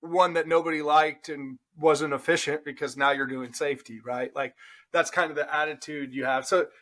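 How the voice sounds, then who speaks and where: A man with a fairly high voice hosts a casual podcast interview. He talks informally and carefully qualifies his opinions before making them. He keeps checking in with his guest by asking "right?". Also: steady tone, moderate pace, a bit bright. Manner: hedging, qualifies his points, tags lines with "right?". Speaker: podcast host.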